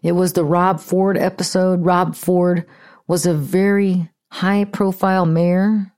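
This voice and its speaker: Blunt, mellow-voiced American woman. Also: on the low side, little pitch movement, slow. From United States. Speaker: podcast host. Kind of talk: casual commentary.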